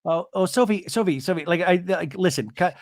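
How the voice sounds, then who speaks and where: A podcast host from Montana, USA, speaks in a deep radio-announcer voice, chatting casually and rambling through quick asides. The recording is dry and studio quality.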